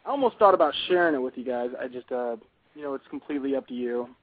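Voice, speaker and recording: A young man calling in and telling a story in a casual, rambling way, offhand and matter-of-fact even about grim details. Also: medium pitch, fast, breathy edge, no room sound. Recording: tinny dry phone line.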